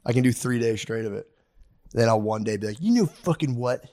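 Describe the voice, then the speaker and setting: A man's voice: mid-range voice, a little fast. Profane, rambling male comedian. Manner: profane, rambling, acts out quotes with animated voices. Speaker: comedian and podcast co-host. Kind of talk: casual comedic chat.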